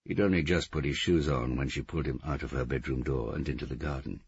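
A man narrating a novel in steady, measured scripted narration. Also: a bass voice, husky, dull audio. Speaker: audiobook narrator.

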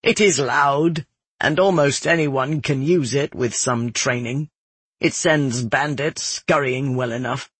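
Man voicing a stern male guard captain, terse and instructive, slightly husky, dry close sound. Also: medium pitch, slow pace, fairly bright tone, no echo. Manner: terse, instructive, carefully worded.

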